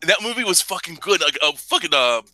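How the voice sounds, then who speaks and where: Male podcast host, piercingly bright, slightly high, dry close mic, rambling. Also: very animated, a little fast, no echo, rough recording. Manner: rambling, profane, enthusiastic. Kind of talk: casual chat.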